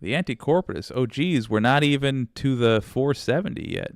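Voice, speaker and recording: A man's voice: mid-range voice, lively intonation, brisk, vocal fry, dry recording, clean studio sound. A man hosting a political livestream, casually reading viewer comments with sarcasm, frequent swearing and laughter. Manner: rambling, sarcastic, swears freely, laughs often.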